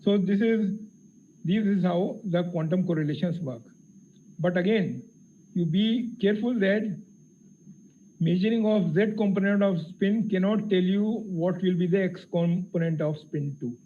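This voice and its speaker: A man giving a technical physics lecture, explaining carefully with frequent pauses and fillers. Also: high-pitched. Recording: tinny phone-like lecture audio with faint hiss.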